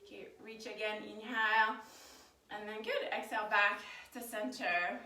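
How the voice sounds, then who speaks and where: A woman's voice: medium pitch, steady tone, moderate pace, pushed and bright. Woman, yoga teacher, stuffed up, casual and chatty, roomy echo. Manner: casual, chatty, laughs often. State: stuffed up from allergies. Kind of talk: live guided yoga class. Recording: roomy, from a distance.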